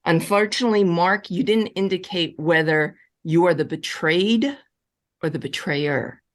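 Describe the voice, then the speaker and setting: A woman relationship coach answering audience questions in a live online session, speaking emphatically and repeating key reassurances. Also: unhurried. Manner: animated, with wide swings in pitch.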